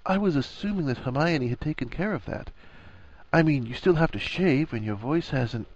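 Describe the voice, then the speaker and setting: A man voicing an earnest, flustered young wizard who stammers and rushes. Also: on the high side, lively intonation, highs cut off, voice pushed up. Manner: stammering, eager.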